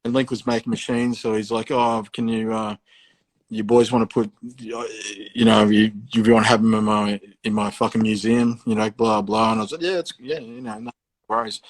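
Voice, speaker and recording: A man's voice: fairly low pitch, flat delivery, normal speed. An Australian man, a tattoo artist, telling stories in a casual, rambling way, full of swearing and fillers. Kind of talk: casual storytelling.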